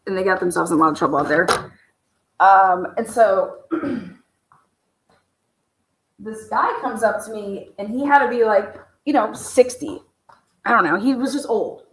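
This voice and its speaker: A young woman hosting a livestream, telling casual stories in a profane, chatty way with frequent laughs. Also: medium pitch. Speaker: livestream host. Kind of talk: casual storytelling chat. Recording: echoey room.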